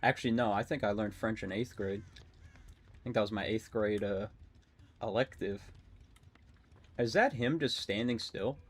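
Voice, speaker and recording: A young adult man streaming a game, rambling and excitable, swearing often and talking to his chat. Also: on the low side, unhurried, pauses often, husky. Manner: talks to chat. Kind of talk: casual live-stream commentary while gaming.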